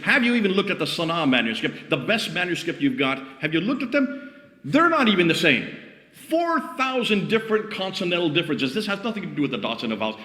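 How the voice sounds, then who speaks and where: Man preacher, forceful and challenging, lively swooping delivery, echoey clip with a long tail. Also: fairly high pitch. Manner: forceful, challenging, repeats rhetorical questions. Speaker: street preacher. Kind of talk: heated open-air debate preaching.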